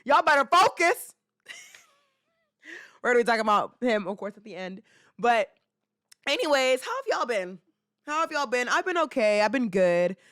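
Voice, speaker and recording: Her voice on the high side, this twenty-something podcast host swings widely in pitch, speaks at normal speed, and pauses often as she rambles through a casual chat with fillers and laughter. The sound is a bit bright, clean, studio-made, and free of room sound.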